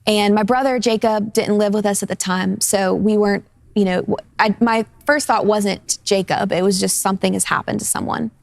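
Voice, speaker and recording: Here is a young woman in her twenties sharing a personal faith testimony. She speaks in an earnest, halting way with plenty of fillers, and there is a slight vocal fry in her voice. The recording is dry and close, with no room sound. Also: mid-range voice, steady tone, no echo. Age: 20s. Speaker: interview guest.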